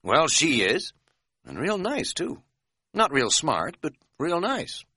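A man's voice: fairly high pitch, huge pitch swings, slow pace, bright, forceful tone, breathy edge, no echo, clean studio sound, pitched above the performer's own voice, full character voice. A man voicing a crude, joking middle-aged male hiker who is folksy and pleased with his own quips, in an audiobook. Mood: boastful.

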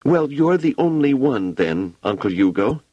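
A man voicing a sad, sulky little girl in a high, pleading child's voice. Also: sing-song, measured pace, darkish tone, no room sound, lo-fi sound.

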